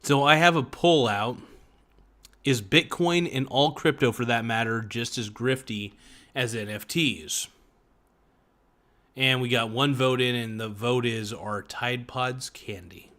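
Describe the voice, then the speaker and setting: A man's voice: mid-range voice, fairly even intonation, a little slow, pauses often, pushed and bright. A man hosting a podcast, ranting in profane, sarcastic commentary and mocking people in put-on voices. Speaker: podcast host.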